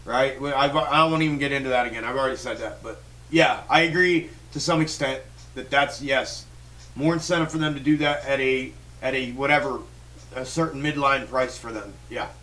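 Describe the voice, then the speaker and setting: Reading viewer comments on his stock market livestream, a man talks in a fired-up, rambling way, swearing a lot, restarting and using fillers. His voice is medium-pitched, steady and sharp, his pace a little fast, and the audio is poor.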